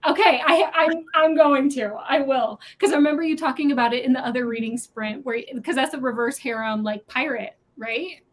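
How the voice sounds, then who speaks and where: A woman hosting a casual online book club chat, gushing and animated about a series. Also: sits high, fairly quick, hardly any pauses. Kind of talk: casual group video chat.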